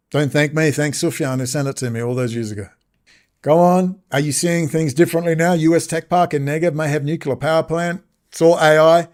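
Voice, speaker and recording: Male host, solo commentary, higher voice, agitated and sarcastic. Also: a little mellow.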